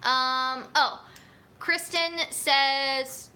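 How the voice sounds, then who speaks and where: A woman's voice: sits high, steady tone, very slow, bright, forceful tone, slight background noise. A woman hosting a casual livestream from a home filming corner, chatting in a rambling way with lots of fillers. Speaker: nutrition coach hosting a livestream. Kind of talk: casual live chat. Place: home room set up for filming. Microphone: camera on a tripod.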